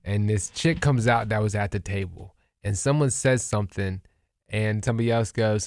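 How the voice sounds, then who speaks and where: A man's voice: lowish voice, moderate pace, a little mellow, no echo, studio quality. A man hosting a podcast, telling a story in teasing casual banter. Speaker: podcast host.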